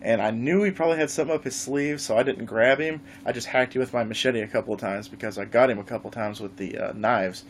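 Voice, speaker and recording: A man vlogging live, telling a gaming story in a casual, animated way and swearing freely. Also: mid-range voice, fast, hardly any pauses, a little hiss or hum. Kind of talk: casual livestream chat.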